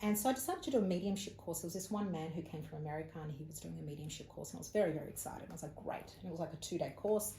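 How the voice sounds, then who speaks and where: Speaking rapid-fire with vocal fry and few pauses, an Australian woman's deep voice carries a personal story she shares as an interview guest. She's a psychic medium and animated storyteller, acting out the speech she quotes, in a casual chat recorded in an echoey room with faint ambient noise.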